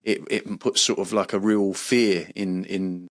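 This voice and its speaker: A man's voice: low voice, fairly even intonation, unhurried. A man, a podcast guest, talking earnestly and reflectively in casual conversation, with frequent restarts. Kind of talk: casual chat.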